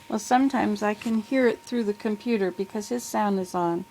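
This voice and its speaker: Recorded at low quality on a plug-in computer microphone, an older woman shares a rambling video update from home in the southern US. Her mid-range voice is steady and dark, at normal speed with few pauses, and she stays friendly while frequently correcting herself.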